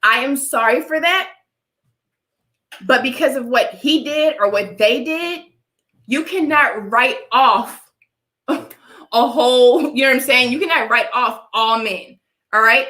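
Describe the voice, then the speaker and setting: A woman's voice: sits high, a little slow, long pauses, pushed and bright. Emphatic woman vlogger in an echoey room. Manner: emphatic, preachy, keeps asking "all right?". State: dry cough from allergies. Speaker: vlogger talking to live chat. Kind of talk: casual opinion livestream.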